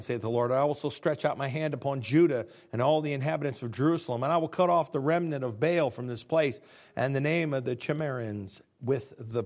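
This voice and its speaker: A pastor with a Midwestern American accent preaches a sermon, reading scripture aloud and explaining it. He swings from low asides up to loud, high-pitched peaks.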